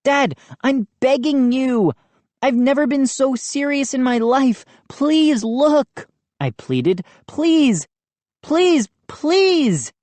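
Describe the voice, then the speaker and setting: A woman's voice: medium pitch, sing-song, slow, a little mellow, no echo, voice pushed up. A woman voicing a frightened young boy who insists and pleads to be believed. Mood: pleading.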